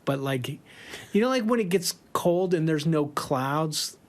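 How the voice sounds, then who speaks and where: A man tells a rambling tour story at an unhurried pace, his voice sitting a little high for a man. He laughs a lot and swears freely as he recounts it. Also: lively intonation. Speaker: podcast guest telling a tour story. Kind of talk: casual storytelling.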